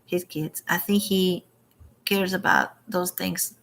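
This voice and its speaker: A woman's voice: fairly low pitch, steady tone, slow, creaky, fairly bright tone. A woman talking in a casual opinion vlog, indignant and rambling, restarting her sentences and quoting others. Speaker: vlogger.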